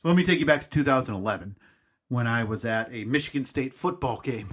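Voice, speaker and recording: A man's voice: medium pitch, expressive, quick pace, a bit bright, slightly rough. A man in his thirties co-hosting a podcast, telling a long story in a casual, rambling, self-mocking way. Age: 30s. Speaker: podcast co-host.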